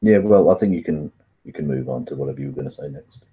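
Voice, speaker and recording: A man co-hosting a casual talk show, joking and teasing his co-host with a husky voice. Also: a bass voice, expressive, quick pace. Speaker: podcast co-host. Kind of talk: casual chat. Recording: dull lo-fi audio.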